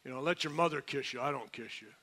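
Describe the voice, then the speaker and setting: A man voicing a macho father who brushes off hugs and kisses, muttering low and dismissively. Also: fast, bright, forceful tone, rough recording. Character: gruff macho dad who won't hug.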